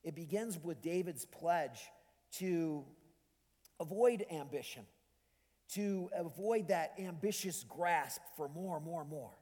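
A man delivering a sermon with a slightly higher voice than most men. He talks in an easy, conversational way, full of ums and restarts. His voice rings with the long reverb of a large church hall. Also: takes it slowly, a little mellow. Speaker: pastor.

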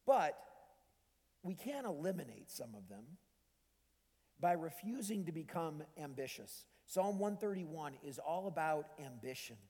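A man's voice: a little high, a little mellow. Man preaching in a reverberant hall. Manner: conversational, many ums and restarts. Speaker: pastor. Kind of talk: sermon.

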